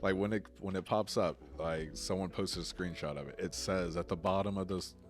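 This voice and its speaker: A man with a very low voice chats casually on a gaming show, rambling along and breaking into laughs. Faint music sits behind him. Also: moderate pace. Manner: laughs often, relaxed and rambling. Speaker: co-host of a gaming news show. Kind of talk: casual chat.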